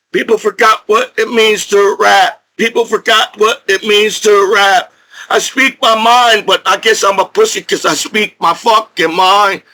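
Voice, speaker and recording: A man's voice: very high-pitched, bright, forceful tone, rough recording. A middle-aged male military veteran from New Jersey, ranting angrily and profanely to camera and repeating himself. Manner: agitated, profane, repetitive. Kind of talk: angry rant to camera.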